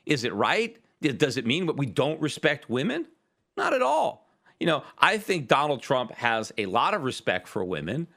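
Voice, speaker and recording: A man's voice: mid-range voice, huge pitch swings, moderate pace, creaky, fairly bright tone. A man hosting his own podcast, giving emphatic, argumentative political commentary full of rhetorical questions. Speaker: podcast host.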